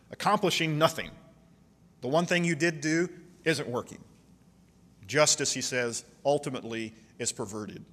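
A man's voice: a little high, fairly bright tone. Pastor guy preaching, fired up, drags out the big lines, echo hanging in a big church. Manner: impassioned, dramatic readings with slowed emphasis. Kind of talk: sermon.

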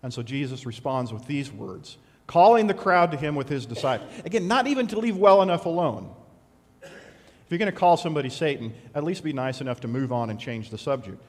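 A middle-aged man preaching a sermon as pastor, conversational and animated with sudden loud bursts. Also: medium pitch, brisk. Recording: long hall reverb.

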